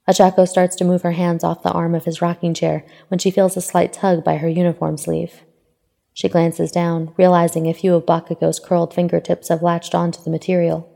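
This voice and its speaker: A woman narrates fan fiction in a steady, even manner. Her voice sits low with a gravelly fry and a mellow tone. A long reverb trails behind her.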